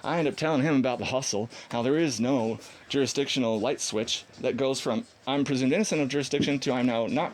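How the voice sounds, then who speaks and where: A defiant man tells a long story in a casual, animated monologue, acting out quoted dialogue and laughing often. His voice sits at an ordinary middle pitch. A faint hiss is heard behind him. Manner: defiant, combative. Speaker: vlogger.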